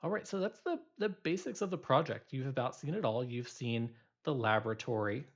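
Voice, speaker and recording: A man's voice: medium pitch, a little fast, lo-fi sound. A male instructor giving a recorded programming lecture, explaining loosely with many fillers and restarts.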